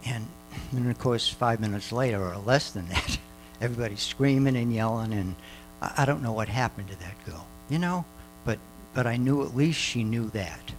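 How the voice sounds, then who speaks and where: A man's voice: medium pitch, normal speed, a little hiss or hum, low-quality recording. An older man telling a church audience about a mission trip, rambling with many fillers and restarts.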